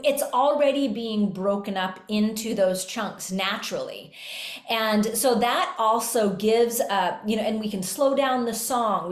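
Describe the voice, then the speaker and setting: A woman hosting a talk for educators, explaining in a lively way and now and then slipping into sung examples. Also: a little high. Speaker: podcast host and music educator. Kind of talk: casual teaching talk. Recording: roomy echo.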